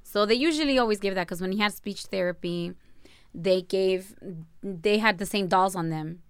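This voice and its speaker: A woman's voice: medium pitch, moderate pace, smooth, no room sound, studio quality. A woman in casual chat, animatedly telling a story with lots of fillers and acted-out quotes. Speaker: podcast co-host telling a story.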